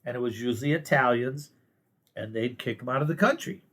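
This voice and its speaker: A man's voice: medium pitch, a little fast, fairly bright tone, breathy edge. A man from the United States giving a blunt, sarcastic monologue of political commentary as the host of his own show. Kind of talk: casual opinion monologue.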